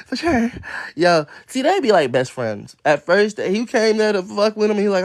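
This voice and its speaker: A casual livestream host reads a storybook on his phone at home, going from outside to his room, with loose, profane storytelling, rambling chatter and laughing asides. His voice is on the high side and expressive, at a moderate pace.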